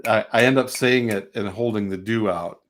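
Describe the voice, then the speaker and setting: A middle-aged man teaching a music lesson on a livestream, relaxed and chatty, who stops to sing beat syllables to show the rhythm. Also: lowish voice, moderate pace, a little hiss or hum. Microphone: home livestream mic.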